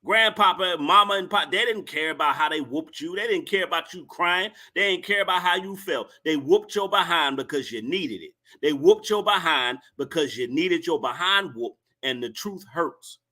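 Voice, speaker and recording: A man with a fairly high, bright, forceful voice hosts a livestream. He scolds his chat at length, and he repeats his points over and over. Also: lively intonation, moderate pace, few pauses. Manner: lecturing, scolding, repetitive. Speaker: livestream host. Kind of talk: ranting commentary to a live chat.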